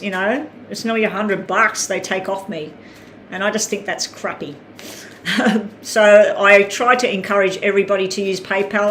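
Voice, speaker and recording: A woman's voice: medium pitch, a bit bright. An Australian woman giving tarot readings on a live stream, chatting casually, reading out viewer names and talking while she eats. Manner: chatty, reads out names, talks while eating. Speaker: tarot reader. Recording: echoey room with faint ambient noise.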